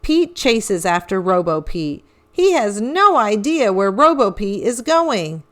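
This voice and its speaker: Woman, children's storybook read-aloud, expressive storytelling, unhurried, animated. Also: medium pitch. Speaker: children's book reader.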